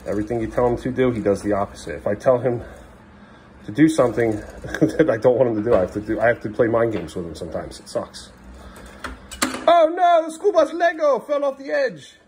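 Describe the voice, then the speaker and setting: In the kitchen at home, a worn-out dad talks with his young children at a quick pace and in a warm tone, exasperated and sometimes shouting at a defiant child before trailing off into low mumbles. There's slight background noise.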